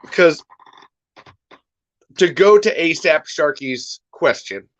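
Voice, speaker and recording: A man's voice: a little high, animated, takes it slowly, no echo, lo-fi sound. A man hosting a casual livestream, ranting in an exasperated, rambling way and repeating himself. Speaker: podcast host.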